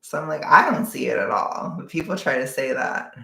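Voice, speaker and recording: A woman's voice: deep voice, animated, fairly quick, creaky, bright, forceful tone, reverberant. A woman from Southern California with a Californian accent, rambling in casual livestream chat with viewers, full of "like" and laughs. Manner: rambling, heavy use of "like", frequent laughs. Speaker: vlogger answering viewer chat.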